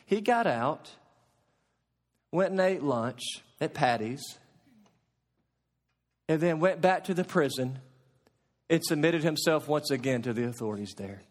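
A middle-aged man preaching a sermon as pastor, swinging between loud emphasis and hushed, quiet asides. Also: on the high side, animated, unhurried, long pauses.

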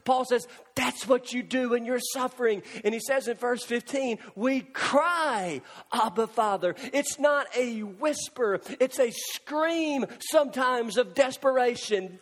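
Impassioned preacher man, high voice, big hall. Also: a little slow, few pauses. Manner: impassioned, swings from loud pleading cries to hushed near-whispers. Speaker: pastor. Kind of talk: sermon.

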